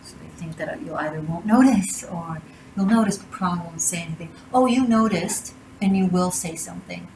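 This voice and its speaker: A woman's voice: on the low side, a little fast, a little mellow, echoey room, slight background noise, low-quality recording. A woman giving a tarot reading and handing out blunt, emphatic advice. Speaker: tarot reader.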